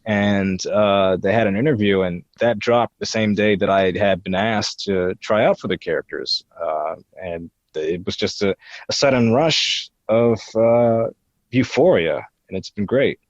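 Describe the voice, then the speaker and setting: A man's voice: lowish voice, unhurried, no room sound. Hesitant young man, slightly muffled. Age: 20s. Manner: hesitant, many fillers, slips into character voices. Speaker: guest voice impressionist. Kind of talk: podcast interview.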